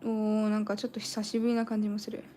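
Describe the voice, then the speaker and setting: A woman's voice: medium pitch, completely flat delivery, racing, warm tone, slight background noise. A young woman hosting a casual live stream while she draws, chatting and thinking aloud and switching between languages. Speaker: live-stream artist host.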